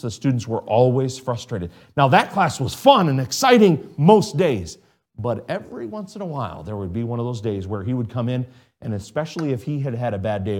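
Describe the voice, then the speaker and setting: Middle-aged pastor, earnest sermon delivery, mid-pitched and conversational, sudden jumps in pitch and volume. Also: male voice. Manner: earnest preaching, acts out quotes with sudden loud pitch jumps.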